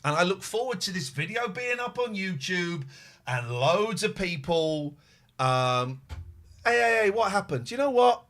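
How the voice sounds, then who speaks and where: A man's voice: high-pitched, sing-song, a little slow, fairly bright tone. A man hosting a phone-in show from home, ranting furiously, swearing and repeating himself. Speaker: host. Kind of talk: live phone-in show, angry rant.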